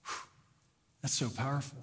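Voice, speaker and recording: Man preaching in a reverberant hall. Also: normal speed. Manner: conversational, swings between loud emphasis and soft quiet lines. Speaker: pastor. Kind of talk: sermon. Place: large church sanctuary.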